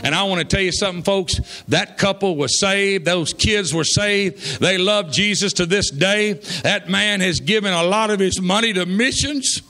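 A man preaching, telling a folksy story that builds to shouts of praise. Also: sits high, normal speed, few pauses. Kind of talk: sermon storytelling. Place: church.

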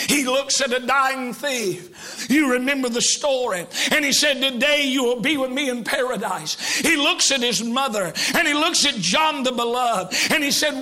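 High-voiced shouting evangelist man. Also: normal speed. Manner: preaches with sudden shouts, drops to hushed quotes, humorous asides. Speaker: evangelist preacher. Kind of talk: sermon.

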